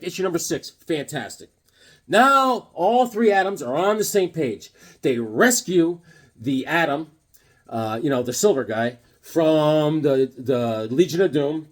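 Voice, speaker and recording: A man in his fifties talking casually about comic books, rambling and joking with lots of filler words. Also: fairly high pitch. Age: 50s. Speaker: comic book vlogger. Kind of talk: casual comic review vlog.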